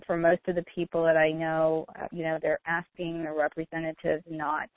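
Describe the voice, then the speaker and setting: A woman's voice: sits low, monotone, normal speed, no echo. A woman hosting a radio talk show, chatty, with many fillers. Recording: dry, narrow phone-like radio sound.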